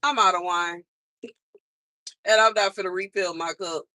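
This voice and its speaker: Bright-voiced woman venting in anger. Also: on the low side, steady tone, normal speed, dry recording. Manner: exasperated, repeats herself for emphasis. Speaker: vlogger. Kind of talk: angry venting monologue. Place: outside her mother's house.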